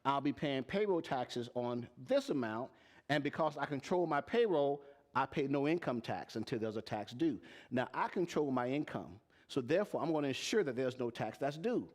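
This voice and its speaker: A man's voice: mid-range voice, lively intonation, normal speed. Guy teaching a room about taxes, keeps quizzing folks, emphatic, plain-spoken. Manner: asks the audience repeated questions. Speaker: presenter teaching tax and payroll. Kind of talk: live-streamed teaching talk. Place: room with a live audience.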